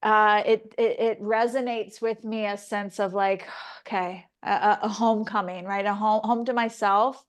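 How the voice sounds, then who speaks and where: A woman sharing in an online mindfulness class over a video call, talking in a reflective and halting way with many fillers. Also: medium pitch, steady tone. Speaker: class participant.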